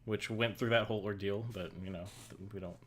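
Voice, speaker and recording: A woman co-hosting a casual podcast recap, laughing often and filling pauses with ums and mm-hmms. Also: a bass voice, fairly even intonation. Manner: giggly, many fillers and mm-hmms. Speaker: podcast co-host.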